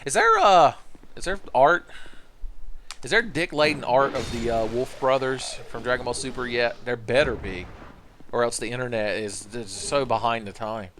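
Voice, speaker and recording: A man's voice: mid-range voice, moderate pace, a bit bright, a little hiss or hum. A young man streaming a game, giving rambling, profane, joking commentary into a desk mic. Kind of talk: casual gameplay commentary.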